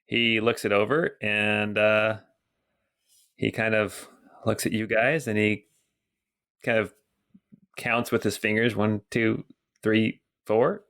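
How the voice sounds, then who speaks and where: A man narrating as game master of a tabletop game, relaxed and rambling with many ums. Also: on the low side, takes it slowly, pauses often.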